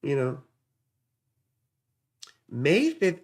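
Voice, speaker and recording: Male astrology streamer, gravelly, slightly high voice, meandering and profane. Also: expressive, unhurried, long pauses. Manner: rambling, distracted, swears casually. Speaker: astrology livestream host. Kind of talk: casual livestream astrology reading.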